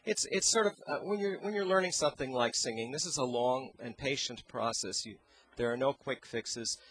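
A man of ordinary pitch explains singing technique as a guest, pausing often as he hunts for words. He speaks into a handheld microphone. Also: fairly bright tone, a little hiss or hum. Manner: halting, searching for words. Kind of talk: explaining with sung demonstrations.

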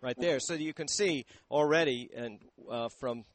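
A man, a voice teacher, explaining singing technique in a radio interview into a handheld microphone, pausing often to search for words. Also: mid-range voice, no echo, soft background music.

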